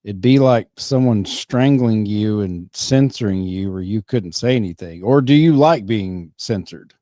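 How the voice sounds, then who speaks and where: Mellow, rambling middle-aged man. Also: lowish voice, no echo, studio quality. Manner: rambling, halting, self-correcting. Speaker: podcast host. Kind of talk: casual chat.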